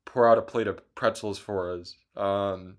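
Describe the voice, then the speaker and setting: Rambling young man, lowish voice. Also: fairly even intonation, a little slow. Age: 20s. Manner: rambling, full of restarts and swearing. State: choked up. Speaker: podcast host. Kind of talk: casual solo chat.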